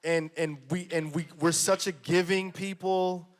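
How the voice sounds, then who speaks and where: A man's voice: high-pitched, steady tone, unhurried. Man telling a casual story about being on set. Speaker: actor on a panel. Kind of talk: casual conversation.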